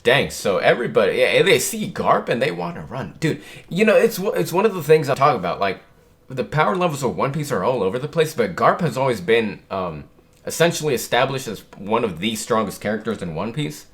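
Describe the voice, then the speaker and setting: A man hosting a casual manga chapter reaction, reading the panels aloud and reacting with lively excitement. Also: medium pitch, a little fast. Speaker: channel host.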